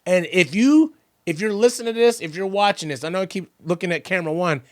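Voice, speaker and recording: A man speaking in a fairly high voice, recorded close and dry with no room sound. He tells his story in a lively, emphatic way, slipping into quoted voices and repeating lines for effect. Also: fast, no echo. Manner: acts out both sides of conversations in quoted voices. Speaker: podcast guest, percussionist and motivational entertainer. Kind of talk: animated storytelling conversation.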